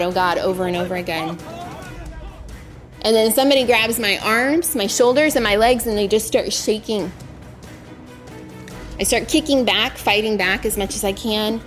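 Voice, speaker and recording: Woman recounting her ordeal over faint music. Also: medium pitch. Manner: vivid, narrates events in the present tense. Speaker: former aid worker, interview guest. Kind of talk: first-person storytelling recounting an ordeal.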